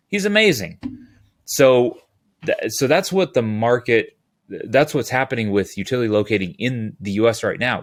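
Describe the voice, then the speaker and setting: A man from California talking as a podcast guest, rambling and animated, with quick asides and restarts. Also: on the low side. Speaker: podcast guest, utility locator. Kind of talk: casual interview talk.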